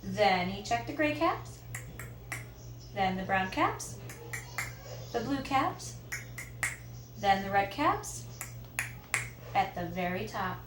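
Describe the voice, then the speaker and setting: A woman reading picture books aloud to children, expressive and asking listeners questions. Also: medium pitch, takes it slowly, long pauses. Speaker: children's story reader. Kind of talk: picture book read-aloud. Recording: roomy echo, faint background noise.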